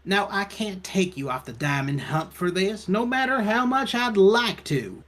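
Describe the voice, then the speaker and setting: A man voicing a gruff, cigar-chewing male police chief in a put-on British accent, clipped and commanding. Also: high voice, animated, measured pace, fairly bright tone, voice pushed up. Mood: stern.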